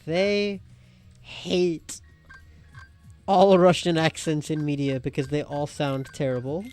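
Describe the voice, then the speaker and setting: A woman guest on a let's-play, telling rambling stories and teasing the player with deadpan remarks. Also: low-pitched, slow, soft background music. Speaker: guest co-host. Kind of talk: casual let's-play banter.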